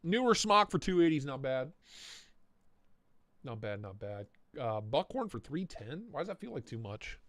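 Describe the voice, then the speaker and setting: Lively joking man, stuffy nose, dry close mic. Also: medium pitch, moderate pace, dry recording. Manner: joking, riffing, mock-indignant asides. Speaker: livestream host reviewing knife listings. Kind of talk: casual live-stream chat.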